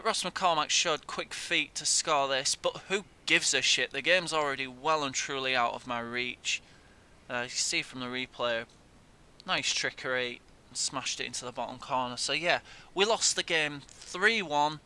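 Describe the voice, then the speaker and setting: Bright, sweary gamer man. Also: moderate pace, clean tone. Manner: swears loudly in frustration. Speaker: gaming YouTuber. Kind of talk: gameplay commentary. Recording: faint noise and low rumble.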